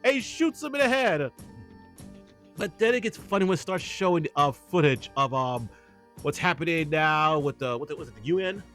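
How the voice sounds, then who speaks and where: A man's voice: on the high side, moderate pace, soft background music. A man in a casual chat about a film, retelling scenes with lots of laughing and acted-out lines. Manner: animated, acts out movie lines, laughs often. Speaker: co-host. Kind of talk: casual movie discussion.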